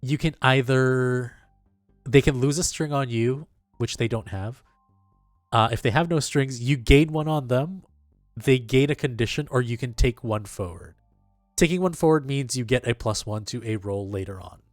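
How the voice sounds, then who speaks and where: A man's voice: medium pitch, normal speed, dry recording, soft background music. A man narrating as game master of a tabletop game, explaining rules unhurriedly with fillers.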